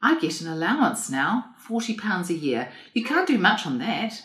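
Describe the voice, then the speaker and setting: A woman's voice: lowish voice, sing-song, moderate pace, a bit bright, voice pushed up. Woman reading as a blunt, awkward young woman. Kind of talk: audiobook reading. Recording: roomy echo.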